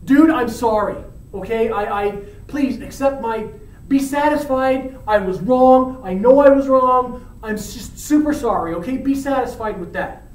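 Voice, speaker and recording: A man's voice: sits high, takes it slowly, pauses often, voice pushed up. A man voicing a giddy young man in love, gushing and laughing in surfer-dude slang, heard in a roomy space from far off. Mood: flustered.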